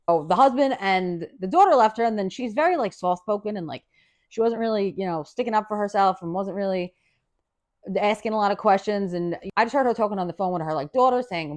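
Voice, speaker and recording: A woman's voice: mid-range voice, brisk. A woman hosting a podcast, telling a story in a casual, profane way and acting out the people in it. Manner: animated, profane, acts out quoted dialogue. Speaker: podcast host.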